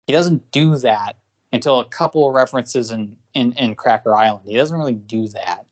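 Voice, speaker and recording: A man's voice: medium pitch, moderate pace. A man co-hosting a podcast in casual discussion, talking at length with many fillers and restarts. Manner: rambling, filler-heavy, frequent restarts. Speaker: podcast co-host.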